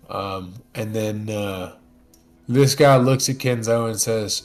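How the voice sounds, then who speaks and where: A man narrating as game master, casual and full of fillers, slipping into quick character lines. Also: mid-range voice, steady tone, soft background music.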